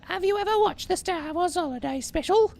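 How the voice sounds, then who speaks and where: A man doing an exaggerated impression of a woman from the north of England, shrill and overdone. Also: a little fast, gravelly, darkish tone. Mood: mocking. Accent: Liverpool-style imitation.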